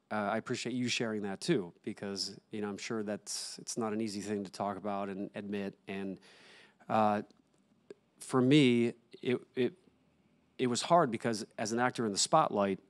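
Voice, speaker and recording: A young adult man, an actor and author appearing on an interview show, tells a personal story earnestly and haltingly, restarting many times. His voice is lowish.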